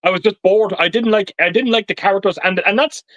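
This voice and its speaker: A man hosts a casual movie chat over a video call, blunt and swearing often, tripping over his restarts. His voice sits high for a man, and the sound is dry and close with no room in it. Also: fast talker, a bit bright, no echo, highs cut off. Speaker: live stream host.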